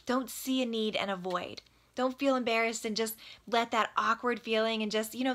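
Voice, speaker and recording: A woman's voice: fairly high pitch, normal speed, a bit bright. Earnest woman teaching the Bible. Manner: earnest, exhorting; repeats phrases for emphasis.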